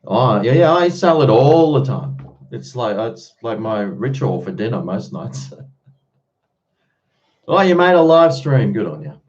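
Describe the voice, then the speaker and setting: A man's voice: medium pitch, big pitch swings, measured pace, darkish tone, muffled recording. An Australian man live-streaming, chatting casually with viewers and answering their comments in a blunt, freely swearing way.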